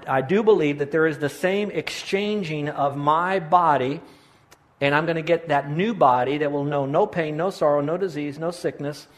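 Middle-aged pastor guy preaching, earnest, kinda high voice, keeps restarting sentences. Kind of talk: sermon.

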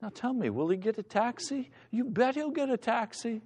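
A man's voice: very high-pitched, expressive, moderate pace, slightly rough. A male pastor preaching a sermon with passion, acting out the voices of the people in his story. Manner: impassioned preacher, acts out shouting voices.

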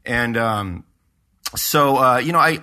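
A pastor who co-hosts a podcast chats casually, rambling through a story full of fillers and restarts. His mid-range voice is sharp in tone and his pace slow.

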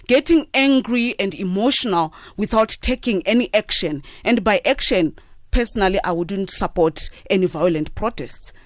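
A woman's voice: mid-range voice, no room sound, studio quality. A woman from Zimbabwe, an activist guest giving earnest interview answers and often stopping to restate her point. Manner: earnest, repeats "what I'm saying". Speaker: civil society activist guest.

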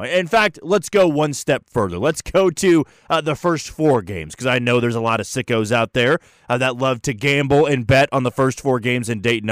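A man's voice: mid-range voice, no echo, clean studio sound. A man hosting a solo sports show, breaking down a tournament bracket in an opinionated, chatty way. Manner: opinionated, chatty, restarts and fillers. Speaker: sports podcast host.

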